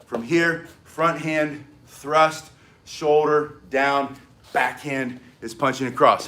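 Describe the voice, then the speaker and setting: An older American man with an excitable, energetic manner, teaching self-defense in a live-streamed martial arts lesson and barking short emphatic commands. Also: mid-range voice, takes it slowly. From United States. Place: home in South Florida.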